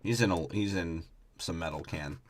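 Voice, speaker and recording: Crude low-voiced young man podcasting. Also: moderate pace. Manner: crude, rambling, mocking impressions. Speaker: podcast co-host. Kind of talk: crude comedic movie review chat.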